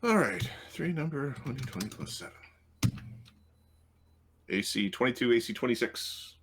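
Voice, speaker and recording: A man's voice: mid-range voice, sing-song, moderate pace, a bit bright, slight background noise. A man running a tabletop game as game master, talking through rules and rolls with frequent ums. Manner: hesitant, full of ums, working through rules aloud.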